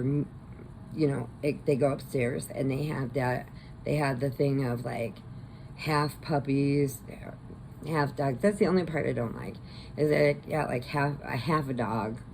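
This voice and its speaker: A woman who hosts a crochet channel, casually retelling a horror movie in a rambling way and slipping into quick voices. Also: rumbling low, fairly even intonation, vocal fry, darkish tone, slight background noise, low-quality recording.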